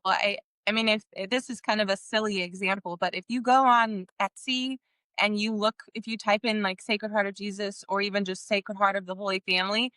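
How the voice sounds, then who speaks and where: A woman's voice: medium pitch, sharp tone, dry recording. A woman hosting a podcast interview, asking earnest questions and often restarting her sentences as she speaks. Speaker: podcast host. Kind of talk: conversational interview.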